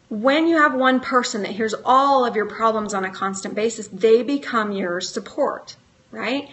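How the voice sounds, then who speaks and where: A woman's voice: high-pitched, fairly bright tone. A middle-aged woman speaking live as a motivational speaker, asking earnest questions and coaching her listeners along. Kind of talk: live motivational talk to camera.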